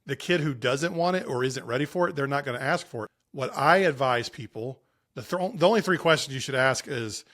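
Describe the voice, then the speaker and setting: Speaking a little fast in a medium-pitched, slightly bright voice, a late-thirties man guests on a sports parenting podcast. He's earnest and emphatic as he gives advice and tells stories, frequently starting over mid-thought.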